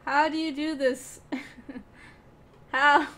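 Young woman gamer, high voice, unhurried, giggly and playful with her crew. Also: level tone, a bit bright. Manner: giggly, playful, talks to chat and teammates. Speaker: gaming streamer. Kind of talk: casual gameplay commentary.

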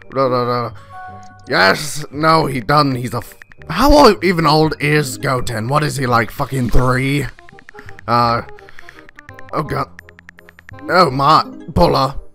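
A gravelly, fiercely bright-edged voice of a proud, hot-tempered alien warrior father, as a man puts him on. He is foul-mouthed and indignant, slow to get words out yet quick to erupt, and his pitch leaps widely around a fairly high centre. He speaks in the manner of a comedic reaction parody. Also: animated, faint music behind, exaggerated voice. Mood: disgusted grumbling.

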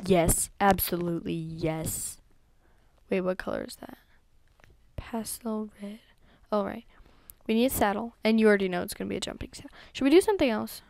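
A woman's voice: on the high side, warm tone, dry recording. A young woman giving chatty gameplay commentary, talking to herself and to her horses with many ums and whispered asides. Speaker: gaming YouTuber.

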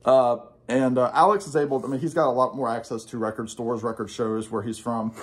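A man's voice: medium pitch, fairly even intonation, a little fast. A young man chatting casually and rambling enthusiastically, with lots of fillers, about records he bought. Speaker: guest record collector.

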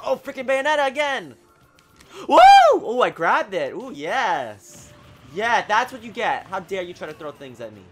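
Male gamer, excitable play-by-play, slightly high voice, bursts from mutters into yells. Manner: excitable, talks at the game, swings from mutters to shouts. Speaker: gaming channel host. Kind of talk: live gameplay commentary.

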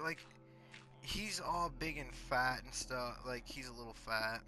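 A man's voice: medium pitch, measured pace. A teenage boy telling crude stories in casual, rambling talk full of fillers and swearing, over faint music. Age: teens. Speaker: storyteller.

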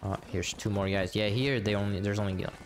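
A man's voice: fairly low pitch, steady tone, brisk. A man casually commenting while he plays a game live, chatty and profane, answering his viewers as he goes. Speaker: game streamer. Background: game music and horse hooves.

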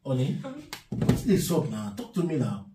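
A man's voice: medium pitch, very animated, moderate pace, echoey room, recorded from a distance, heavy background noise. A Nigerian man in a casual home vlog, pleadingly asking his wife the same worried questions again and again. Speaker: husband in a prank video.

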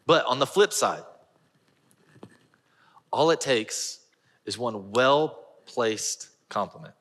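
A bright, forceful male pastor preaching in a large church auditorium, his voice carried by a long reverb. He tells stories with animated energy and laughs at himself, then turns to scripture. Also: medium pitch, slow. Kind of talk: sermon with personal storytelling.

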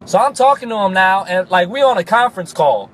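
A young man casually telling a comic story, animated and profane, breaking into sudden shouts. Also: sits high, brisk. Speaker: comedic storyteller.

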